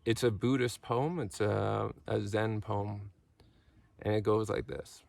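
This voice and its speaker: Man, 30s, unhurried mindfulness teacher, very gravelly and halting. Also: on the low side, fairly even intonation, darkish tone, dry recording, far from the mic. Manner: halting, musing, self-deprecating. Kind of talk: reflective talk with parables.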